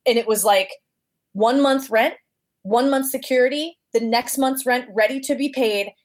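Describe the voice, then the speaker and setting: A woman's voice: on the high side, moderate pace. A woman guest telling a personal story casually, acting out the voices she quotes. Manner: animated, acts out quoted voices.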